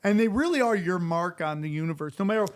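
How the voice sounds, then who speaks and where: A man hosting a podcast in casual chat, joking and telling animated stories. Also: sits high, fast. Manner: animated, jokey storyteller who mimics others. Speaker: podcast host.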